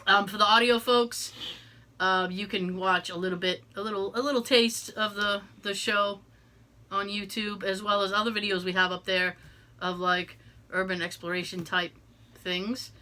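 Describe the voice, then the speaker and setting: A woman's voice: mid-range voice, steady tone, normal speed, bright, forceful tone. A woman co-hosting a podcast in casual chat, talking in a rambling way with lots of fillers and restarts. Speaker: podcast co-host.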